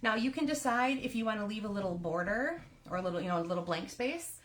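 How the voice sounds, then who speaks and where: A woman's voice: mid-range voice, lively intonation, quick pace, a little hiss or hum. A woman leading a live card-making tutorial, chatty and step-by-step, sometimes laughing at her own slips.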